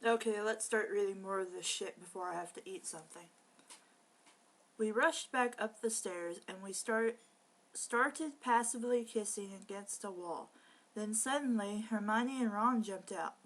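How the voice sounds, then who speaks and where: Slow, sarcastic woman reading fan fiction. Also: mid-range voice, a bit bright. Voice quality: sarcastic, exasperated asides. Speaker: reader of bad fan fiction. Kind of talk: comedic dramatic reading with commentary.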